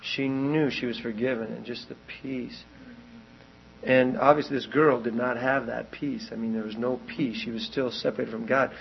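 A man's voice: medium pitch, fairly even intonation, moderate pace, vocal fry, lo-fi sound, slight background noise. A man preaching a sermon, telling a long story in a loose, rambling way and then pressing his point with rising urgency.

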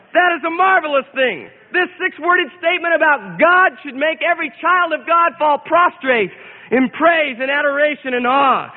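Male pastor with a strikingly high voice, emphatic sermon delivery; thin lo-fi recording, long reverb. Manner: emphatic, slows and repeats key phrases. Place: church sanctuary.

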